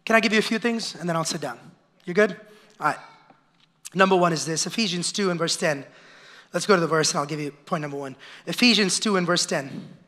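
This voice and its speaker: A male pastor preaching a lively sermon in a church, calling out to the congregation and acting out the voices of complainers. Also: on the high side, a little fast. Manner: energetic, calls out to the congregation for response. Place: church sanctuary.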